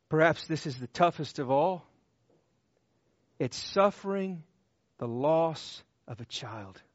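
A man preaching a sermon with passion, who swings from loud emphatic cries to hushed tender tones and repeats short phrases for emphasis. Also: fairly high pitch, no echo, highs cut off.

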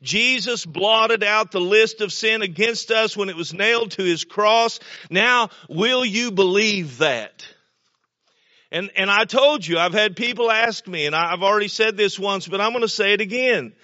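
This pastor's voice is very high and bright as he delivers a homespun sermon full of stories, repeating himself and breaking into shouts for emphasis. He keeps a moderate pace, and the dry recording sounds slightly muffled.

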